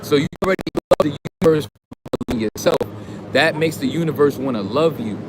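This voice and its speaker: Street noise and passing traffic are plainly audible as a man streaming a motivational talk rants casually, heavy on slang and profanity. Pitched on the high side for a man and talking fairly quickly, he shifts between calm sermonizing and loud, fiery eruptions.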